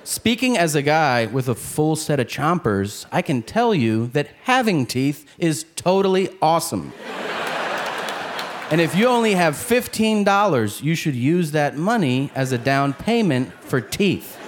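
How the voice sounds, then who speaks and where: A man with a voice on the high side delivers stand-up at a measured pace, his delivery sing-song as he imitates the people in his jokes. He is on a comedy club stage in front of a live audience. The live recording picks up crowd noise and laughter.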